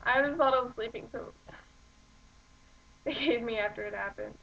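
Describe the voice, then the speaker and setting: A woman's voice: a little high, normal speed, vocal fry, fairly bright tone, dull audio, a little hiss or hum. A woman reading a monologue as a young woman who lost her whole family, desperate and close to tears. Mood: despairing. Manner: desperate, pleading, on the edge of tears.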